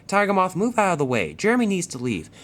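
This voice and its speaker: A man's voice: medium pitch, sing-song, fast talker, lightly acted. Guy doing a worried bossy little engine, voice jumping around. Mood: fretful. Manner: fretful, scolding. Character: fussy sensible male steam engine.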